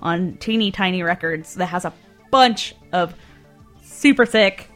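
A woman's voice: fairly low pitch, unhurried, soft background music. Laid-back woman radio co-host. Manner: laid-back, swears, laughs often. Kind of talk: casual radio chat.

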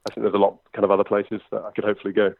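A young comedian with a London accent talks quickly and loosely, with plenty of fillers. His voice sits fairly low. The sound is thin and dry, like a phone call. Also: completely flat delivery, gravelly, dry recording. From England. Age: 20s. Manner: quick, chatty, lots of fillers. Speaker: impressionist and comedian. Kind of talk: conversational interview. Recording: tinny phone line, dry.

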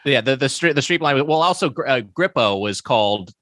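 A man's voice: mid-range voice, animated, brisk, fairly bright tone, no room sound. A man co-hosting a podcast, chatting casually with an enthusiastic, wry tone and frequent laughter. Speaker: podcast co-host. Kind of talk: casual chat.

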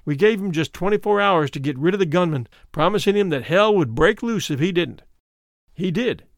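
A man narrating a first-person memoir as an audiobook in a measured, solemn manner. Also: high-pitched, animated, gravelly, dry recording, studio quality.

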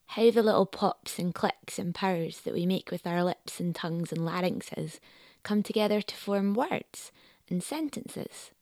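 A woman, presenting as a sociolinguist. She speaks in a clear, measured way. Her voice is close and dry, with no room sound around it. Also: medium pitch, darkish tone, no room sound. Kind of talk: documentary narration and interviewing.

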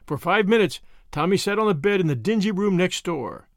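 Expressive male storyteller, dry close sound. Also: high-pitched, fairly quick, no room sound. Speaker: audiobook narrator. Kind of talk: scripted narration.

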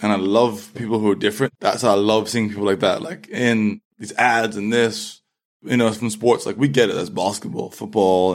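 A young man from London with a London accent, telling his story as an interview guest and animatedly acting out quotes. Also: on the low side. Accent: London English. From London, England. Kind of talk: casual interview chat.

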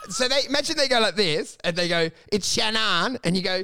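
A man's voice: sits high, lively intonation, fairly quick, few pauses, pushed and bright, clean tone. A man, co-hosting a casual comedic chat, riffing crudely and ranting in mock voices.

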